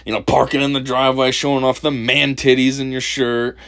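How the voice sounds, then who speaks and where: A man's voice: medium pitch, flat delivery, fairly quick, gravelly, a bit bright. A man hosting a casual video commentary, mocking and profane, laughing often. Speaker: commentary channel host.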